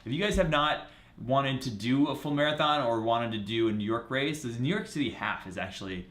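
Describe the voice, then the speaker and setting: A man's voice: medium pitch, a little fast, a bit bright. A man co-hosting a live running show, chatting casually and listing upcoming races. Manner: chatty, lists race facts from notes. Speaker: co-host. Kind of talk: casual live-stream chat. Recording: roomy echo.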